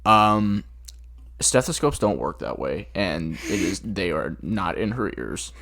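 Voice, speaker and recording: A man's voice: sits low, sing-song, takes it slowly, vocal fry, a bit bright. A jet-lagged man co-hosting a casual podcast, rambling and amused as he retells scenes from a bad movie with lots of restarts. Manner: rambling, amused, full of restarts and quoted lines. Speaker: podcast co-host.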